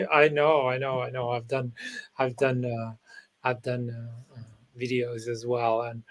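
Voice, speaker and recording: A man hosting an interview, talking in a halting way with many restarts and fillers over a video call. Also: medium pitch, fairly bright tone. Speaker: podcast host. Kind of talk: casual interview chat.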